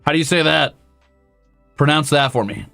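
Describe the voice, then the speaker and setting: A man's voice: a little high, moderate pace, creaky, pushed and bright, dry recording, soft background music. A male streamer chatting casually with his viewers, rambling and poking fun at himself. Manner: rambling, self-deprecating, talks to chat. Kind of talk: casual livestream chat.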